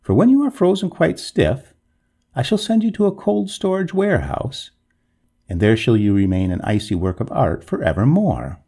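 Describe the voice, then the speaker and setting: A coolly triumphant gentleman heir voiced by a man in a storybook reading. He speaks with courteous firmness and dry mockery, his lively pitch riding over a gravelly, husky tone. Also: moderate pace, full character voice. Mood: coldly triumphant. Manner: polite, firm, dryly mocking.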